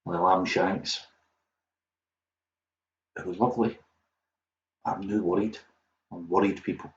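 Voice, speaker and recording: A man's voice: low voice, fairly even intonation, takes it slowly. A Scottish man hosting a quiz, chatting casually and wandering off on self-mocking tangents. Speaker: quiz host. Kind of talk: casual rambling livestream chat. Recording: echoey, dull lo-fi audio with faint noise.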